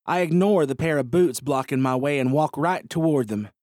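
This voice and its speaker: A man narrating a first-person western story in a steady, expressive reading voice. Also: a little high, normal speed, dry recording, studio quality.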